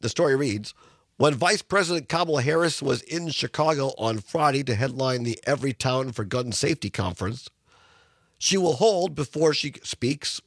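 A male radio talk show host with a rough, husky voice from a sinus infection, chatting casually and reading a news story aloud. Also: a little high, a bit bright, no echo, studio quality. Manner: rambling, chatty, reads news stories aloud. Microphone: studio microphone.

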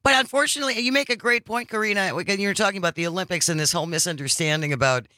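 A chatty male radio host with a bright, forceful tone. He talks with eager enthusiasm, and his voice is slightly higher than most men's. The sound is close and dry. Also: rapid-fire, no room sound. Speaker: radio talk show host. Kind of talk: casual radio chat.

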